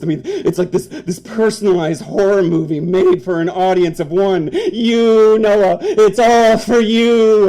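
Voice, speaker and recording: A man reads his own fiction aloud to a live crowd with a high, lively voice that leaps around. His delivery is frantic and dramatic, pushing into yells and bursts of laughter. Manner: frantic, breaks into yelling and laughter.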